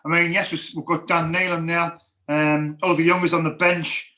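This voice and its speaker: Bright-voiced chatty football fan. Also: male voice, fairly high pitch, little pitch movement, moderate pace. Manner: rambling, restarts and fillers. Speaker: fan co-host. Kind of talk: casual football chat.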